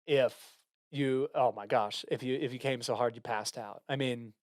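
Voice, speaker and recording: A man co-hosting a podcast in casual comedic chat, bantering with quick reactions. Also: medium pitch, steady tone, no room sound, clean studio sound. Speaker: podcast co-host.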